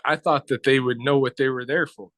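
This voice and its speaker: A man's voice: mid-range voice, brisk, no room sound. Blunt middle-aged man telling a story. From Blackfoot Nation, North America. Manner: relaxed, conversational, with short restarts. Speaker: interview guest. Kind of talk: casual storytelling interview.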